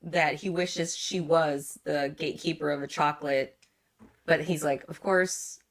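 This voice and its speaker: Woman with a really low voice, chatting about a movie w her brother, lots of yeahs and laughs. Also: fairly even intonation, measured pace. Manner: chimes in with short agreements and laughs. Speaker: podcast guest, host's sister. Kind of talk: casual movie discussion.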